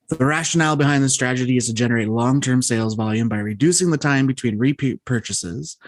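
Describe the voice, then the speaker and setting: Guy on a podcast reading his notes, middle pitch, dry close sound, trips on big words. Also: no room sound. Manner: reads researched notes with stumbles on hard words. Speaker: podcast co-host. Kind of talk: casual chat and read-out explainer.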